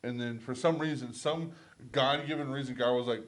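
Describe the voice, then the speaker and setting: A man's voice: medium pitch, normal speed, slight background noise. A man hosting a podcast in casual, rambling chat, playful and profane. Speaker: podcast host.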